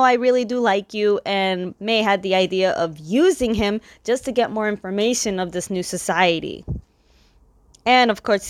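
A woman casually recapping a story, rambling loosely with lots of fillers and slipping into quick, light impressions of the characters' lines. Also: medium pitch, dry recording. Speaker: comic recap host.

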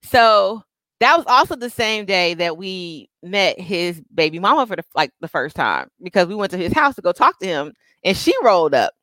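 A woman in her thirties telling a story in casual chat, profane and animated, acting out what people said. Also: lowish voice, normal speed, dry recording. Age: 30s. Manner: animated, profane, acts out quotes. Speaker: podcast co-host.

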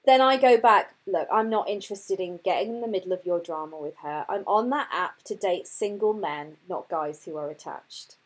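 A woman's voice: on the low side, normal speed, hardly any pauses. A woman, a podcast host, chatting casually and telling a dating story, reading out text messages as she goes. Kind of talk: casual chat.

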